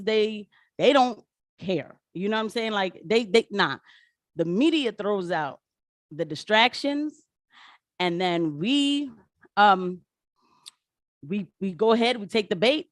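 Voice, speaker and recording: A woman talking straight to her livestream audience in a loose, slangy way, calling them y'all and breaking off into asides. Her voice sits at a middle pitch. The sound is dry and close, with no room echo. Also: a little slow. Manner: chatty, slangy, animated, addresses viewers as y'all. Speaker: political commentator livestreaming. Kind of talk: casual livestream talk.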